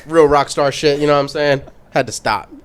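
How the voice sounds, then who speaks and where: A slightly high-voiced man co-hosting a podcast, talking in loose casual chat. He teases bluntly, swearing freely and acting out what other people say, his voice rising sharply whenever he quotes them. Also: fairly quick, clear, resonant tone. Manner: blunt, teasing, animated with put-on quotes. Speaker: podcast co-host.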